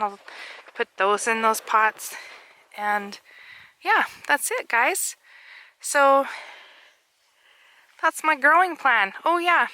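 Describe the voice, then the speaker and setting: A woman's voice: a little high, bright, forceful tone, low-quality recording. A woman chatting casually and rambling with light jokes while walking through her backyard garden in winter. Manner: rambling, jokey, laughs often. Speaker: vlogger.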